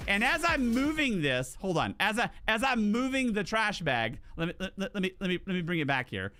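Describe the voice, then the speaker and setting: A man streaming a game, telling a story in a casual, animated way, swearing and restarting his words. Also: high-pitched, fairly quick, faint music behind.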